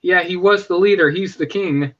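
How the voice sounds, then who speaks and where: A man's voice: sits high, normal speed, highs cut off. A man hosting a live stream, chatting casually and enthusiastically, often correcting himself mid-sentence. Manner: rambling, self-correcting, enthusiastic. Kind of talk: casual fan chat.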